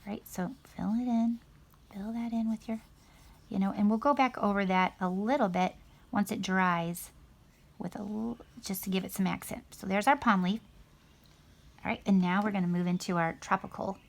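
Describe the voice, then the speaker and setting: A woman's voice: medium pitch, steady tone, moderate pace, vocal fry, long pauses. A middle-aged woman teaching a painting lesson to children in a chatty, encouraging way. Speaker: art teacher.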